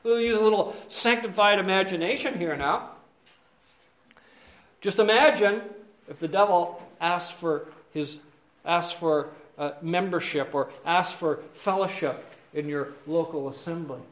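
A male preacher teaching verse by verse, chatty and checking in with "okay?". His voice sits high. The sound echoes around a roomy space. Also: unhurried, fairly bright tone. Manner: conversational, asks "okay?" often, many fillers. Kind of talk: expository sermon, verse by verse.

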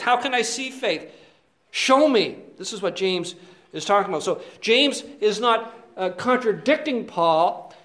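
A man's voice: sits high, a bit bright, echoey room. A man preaching a verse-by-verse sermon in a conversational way, often checking in with "okay?" and using many fillers.

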